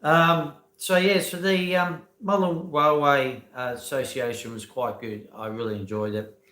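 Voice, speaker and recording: A man's voice: medium pitch, fairly even intonation, measured pace, pushed and bright, reverberant. An Australian man hosting a casual live stream, rambling with many ums and uhs and greeting viewers by name as he talks into a phone.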